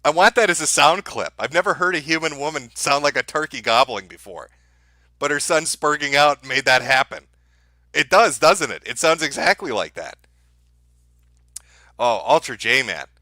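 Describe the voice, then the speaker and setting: A man's voice: fairly high pitch, animated, normal speed, bright, forceful tone, dry recording. A man streaming, mocking the clips he plays with sarcastic commentary.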